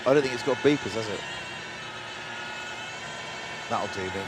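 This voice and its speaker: Speaking rapid-fire in a lowish voice, a male car reviewer host keeps up a chatty, self-mocking commentary as he drives. He's inside a car and on a town street, with loud car and traffic noise in the background.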